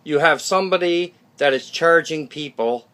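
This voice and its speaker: A YouTube channel host speaks to his viewers in a fairly high, slightly bright voice at a moderate pace. His monologue is blunt and rambling, with frequent sentence restarts, check-ins of "okay?", and some mild swearing.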